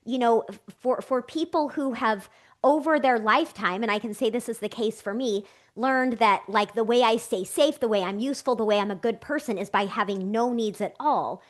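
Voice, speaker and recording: Middle-aged woman doing her coaching podcast from her home office, kinda high voice, earnest, keeps saying "right?". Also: moderate pace. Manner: earnest, encouraging, repeats key phrases, frequent "right?". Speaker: podcast host and life coach. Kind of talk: solo podcast teaching.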